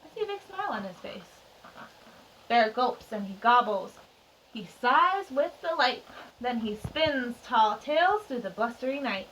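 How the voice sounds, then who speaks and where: A woman teacher reading a picture book aloud to young children, expressive and chatty with little asides. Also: on the high side, a little slow, a little hiss or hum. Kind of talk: children's storytime read-aloud. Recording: distant mic.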